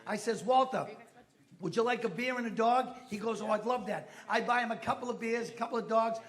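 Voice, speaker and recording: High-voiced comedian on stage. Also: male voice, brisk, a bit bright. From Massachusetts. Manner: storytelling with acted-out voices, brash punchlines. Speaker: stand-up comedian. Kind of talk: stand-up comedy routine.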